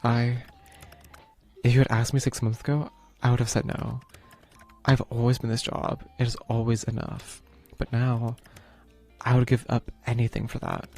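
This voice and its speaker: A man's voice: medium pitch, level tone, moderate pace, long pauses, darkish tone, soft background music, lightly acted. A man voicing the male Grim Reaper in a video game, a protective and brooding figure who speaks in formal, earnest sentences. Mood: tender.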